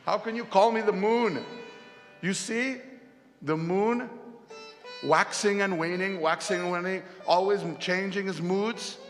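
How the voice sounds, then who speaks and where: A man doing shrill, indignant young goddess. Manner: shrill, outraged protesting. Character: indignant young goddess woman, lovesick and furious. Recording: long hall reverb, faint music.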